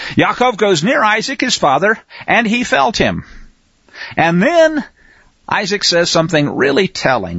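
A man with a high, lively voice leads a scripture lesson in a relaxed, conversational way, pausing to check that his listeners are following. His voice has a husky edge. The recording is dull and lo-fi, with a dry sound. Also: no echo. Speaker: Bible study teacher.

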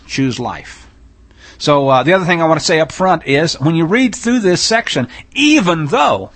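A man delivers a sermon-style teaching on scripture, blunt and emphatic. His voice sits a little high for a man, and it climbs when he reads passages aloud with mounting intensity. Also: a bit bright.

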